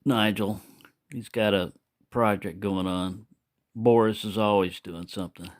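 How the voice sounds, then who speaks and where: A man's voice: lowish voice, steady tone, a little slow. A man hosting his own channel, talking in a loose, meandering way in a casual monologue. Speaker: knife collector and channel host.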